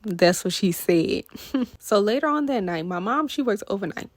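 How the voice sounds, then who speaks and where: A woman's voice: medium pitch, normal speed, no echo. A young woman, telling a casual storytime to viewers and acting out the quotes in her story. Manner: animated, addresses viewers as y'all, acts out quotes. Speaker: storytime vlogger.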